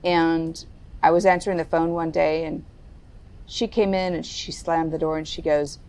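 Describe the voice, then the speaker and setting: Middle-aged woman on a podcast, lowish gravelly voice, candid and slow-ish. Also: little pitch movement, darkish tone. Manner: candid, lowers her voice and speaks deliberately. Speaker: podcast guest. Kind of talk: reflective interview storytelling.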